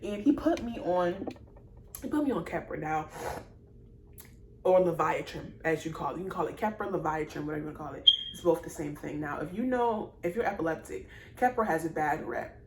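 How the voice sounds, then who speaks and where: Animated and fairly quick, a low-voiced young woman recounts a personal story to her viewers, rambling and repeating herself. She's emotional, apologizing and laughing through tears; the vlog is recorded in an echoey room with faint noise.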